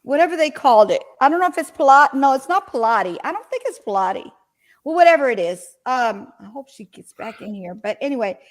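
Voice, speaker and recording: Chatty woman on a live video call, kinda high voice, rambles and corrects herself a lot. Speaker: panelist on a live online talk show. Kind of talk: casual live-stream chat.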